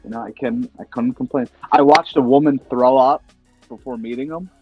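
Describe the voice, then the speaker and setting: A young man hosting a casual chat, telling lively anecdotes and acting out the voices of people he quotes. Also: mid-range voice, normal speed, slightly rough, no echo, lo-fi sound, faint music behind. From United States. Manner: animated storyteller, acts out quoted voices. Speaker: podcast host.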